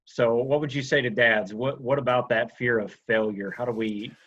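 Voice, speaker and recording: A man hosting an interview, asking questions in an easygoing, relaxed way. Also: mid-range voice, moderate pace, slight background noise. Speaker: interview host. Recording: dull, lo-fi sound.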